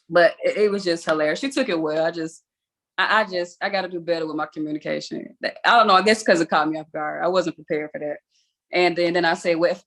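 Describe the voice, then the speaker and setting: Speaking quickly in a lowish, slightly bright voice, a young woman hosting her weekly video call shares a story. She's chatty and self-mocking and laughs a lot as she goes.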